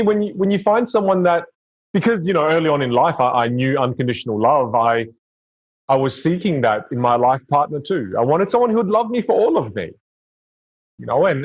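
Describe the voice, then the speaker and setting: Man, earnest, reflective, podcast guest, medium pitch, muffled sound. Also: no room sound. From Australia. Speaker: guest speaker. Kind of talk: casual podcast conversation. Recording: slightly muffled lo-fi audio.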